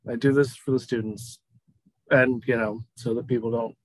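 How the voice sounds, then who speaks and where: A man's voice: mid-range voice, fairly even intonation, moderate pace, no echo, natural voice. A man voicing a blunt, tough woman who works with animals, talking curtly and brusquely. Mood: gruff. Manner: curt, brusque, calls others "little man".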